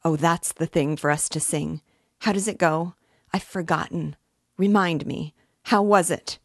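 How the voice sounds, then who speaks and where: A woman reading aloud gives voice to a proud mother dying in delirium, her voice hoarse and gasping. She rambles feverishly and breaks into cries. The voice sits low and grainy, and the close sound is dry. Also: fairly even intonation, measured pace, no room sound. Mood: rambling. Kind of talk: audiobook character reading.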